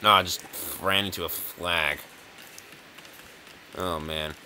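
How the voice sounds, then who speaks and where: A man's voice: sits low, steady tone, slow pace, bright, forceful tone, a little hiss or hum. A man casually commenting while playing a video game, rambling and jokey, chuckling often. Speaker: gaming video host. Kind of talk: casual let's-play commentary.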